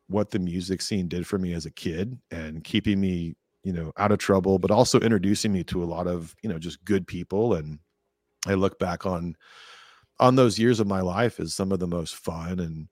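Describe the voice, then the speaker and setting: Man, 30s, deep low voice, rambling storyteller, animated quotes, dry close mic. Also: dry recording. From California. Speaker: podcast guest. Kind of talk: casual storytelling interview.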